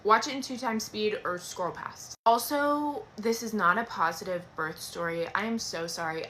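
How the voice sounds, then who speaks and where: A woman's voice: mid-range voice, normal speed, few pauses, sharp tone, slight background noise. A woman telling a candid storytime to camera, speaking directly to her viewers.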